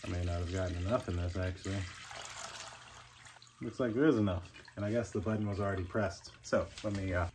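A man's voice: brisk, darkish tone, slight background noise. A man vlogging a casual product setup and talking his viewers through each step. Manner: chatty, talks to his dogs in a high coaxing voice.

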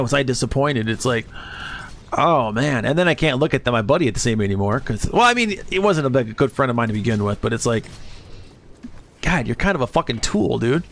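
A man in his thirties live-streaming a game, rambling and swearing casually, and jumping into high squeaky voices when he quotes people. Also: fairly bright tone. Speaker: livestreamer. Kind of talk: rambling casual chat while gaming.

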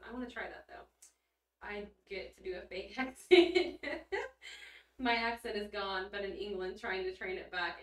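A woman chatting casually on a livestream, reading her chat aloud, bubbly and giggly with blunt casual swearing. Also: medium pitch. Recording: roomy echo, mic at a distance.

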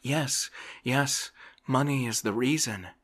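A lazy, dreamy gentleman lifts his voice into a thin, plaintive sigh in this whispered role-play, as a male reader puts him on. Bright and clear even when whispering, he sounds worn out by the world. At times he drifts a little away from the mic. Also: medium pitch, measured pace, voice pushed up, full character voice. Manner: plaintive, yearning, sighing. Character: idle, dreamy middle-aged Russian gentleman.

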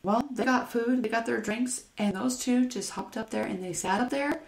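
Woman, podcast host, casual chat, swearing storyteller, creaky gravelly voice, roomy echo. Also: on the high side, moderate pace. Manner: lively storyteller, swears freely, laughs often. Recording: echoey room with faint noise.

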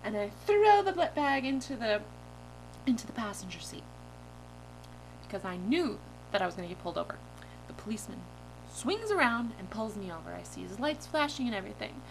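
A woman vlogger telling a story to her camera in a bubbly, giggly, animated way. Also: medium pitch, a little fast, gravelly, long pauses, background noise.

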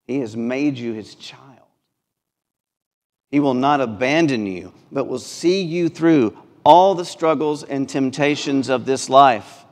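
A man with a Mississippi accent preaching a sermon as pastor, earnest and building through repeated phrases. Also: mid-range voice. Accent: Mississippi Southern. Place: church sanctuary. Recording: long church reverb.

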